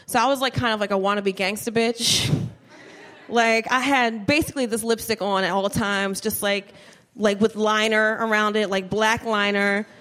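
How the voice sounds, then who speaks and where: A woman's voice: medium pitch, steady tone, moderate pace, a bit bright. A woman from New Jersey performing a live stand-up set, telling stories in a brash, profane and giggly way. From New Jersey, USA. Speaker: stand-up comedian. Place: comedy stage before a live audience.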